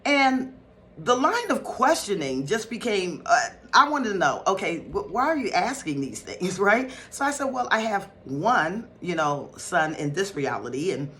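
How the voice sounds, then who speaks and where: A woman from North Philadelphia, a spiritual teacher, telling a story to her viewers in a casual, excitable way with frequent laughter. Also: lowish voice, moderate pace.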